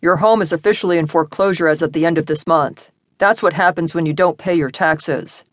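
A self-assured male tycoon, calm and confident, speaking in a lowish, even voice, as a woman narrator reads him. Heard in an audiobook romance recorded in a dry studio booth. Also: fairly quick, dry recording, lightly acted. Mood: cool.

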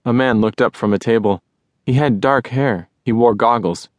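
A man narrating a children's audiobook with lively first-person storytelling. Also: mid-range voice, moderate pace, dry recording.

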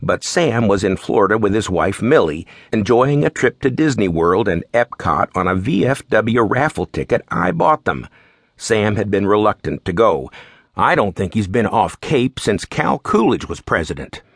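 A man narrating a mystery novel in the first person, in a relaxed, wry storytelling manner. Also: fairly low pitch, normal speed, dry recording, clean studio sound. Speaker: audiobook narrator.

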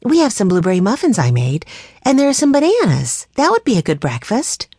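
A woman's voice: a little high, huge pitch swings, a little fast, warm tone, breathy edge, no echo, pitched above the performer's own voice, full character voice. A woman narrator voicing a practical, organizing older sister in a children's audiobook.

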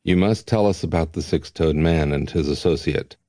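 A man voicing an unseen official who speaks in a flat, clipped, slightly irritated way. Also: rumbling low, normal speed, dry recording, studio quality.

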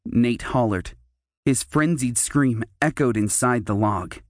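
A male audiobook narrator who reads a children's fantasy adventure at an unhurried, deliberate pace. His voice sits at an everyday middle pitch, recorded close and dry in a studio with no room sound. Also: dry recording. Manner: measured, unhurried storytelling.

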